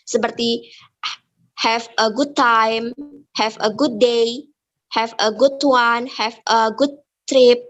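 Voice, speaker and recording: A woman's voice: fairly high pitch, fairly even intonation, slow, a bit bright. A young woman with an Indonesian accent giving a student presentation, hesitant and full of fillers, switching between English and Indonesian. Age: young adult. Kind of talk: classroom presentation.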